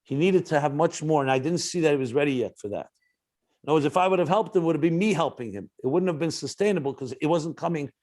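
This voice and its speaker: Earnest rabbi teaching a class. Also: male voice, on the high side, lively intonation, quick pace, darkish tone. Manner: earnest, storytelling, frequent restarts. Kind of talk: spoken Torah class.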